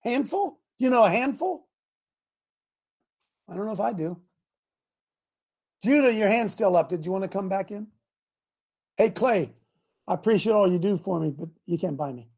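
A man hosting a call-in talk show who preaches and builds up to shouting. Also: sits high, moderate pace, long pauses, husky. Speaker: show host.

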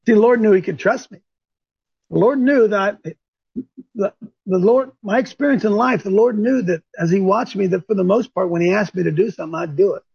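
A man with a high, husky, gravelly voice preaches to his listeners with fervor. He rises into sudden shouts and keeps clearing his throat. The sound is dull and lo-fi. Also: dry recording. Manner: fervent, preachy, bursts into shouts. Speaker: host. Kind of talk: call-in preaching talk.

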